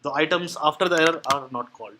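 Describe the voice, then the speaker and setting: A man's voice: fairly high pitch, fast, noisy background. A man presenting a technical meetup talk, explaining step by step with many fillers and restarts. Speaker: meetup speaker on Android programming. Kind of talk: live technical talk with audience questions. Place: meeting room at a tech meetup.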